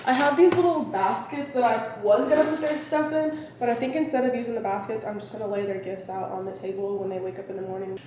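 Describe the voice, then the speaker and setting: A young woman chats through a home shopping haul as a mother, wandering off-topic with filler words. Her voice sits a little high. The camera is set down a few steps away in a very echoey room with steady background noise. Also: distant mic. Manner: chatty and rambling, lots of "like". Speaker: vlogger, mother. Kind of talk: casual haul vlog. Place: at home, indoors. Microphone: camera set down nearby. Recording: very echoey room, off-mic, noisy.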